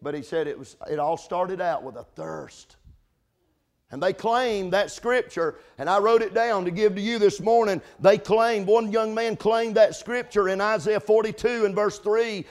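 A man's voice: high voice, moderate pace. A man preaching a sermon with passion, repeating phrases and calling out to members of the congregation by name. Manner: impassioned, building to shouted climaxes; repetitive, with restarts and asides to congregants by name.

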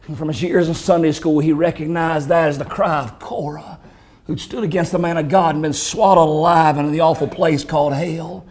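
High-voiced preacher telling a dramatic tale. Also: male voice, fairly even intonation, normal speed, very noisy. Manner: intense, rising and falling delivery. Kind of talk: dramatic sermon storytelling.

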